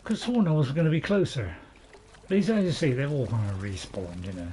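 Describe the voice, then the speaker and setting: Background noise sits under a mid-range male voice that's animated and a little fast. He's hosting his own gaming channel, chuckling often as he rambles to himself through let's-play commentary.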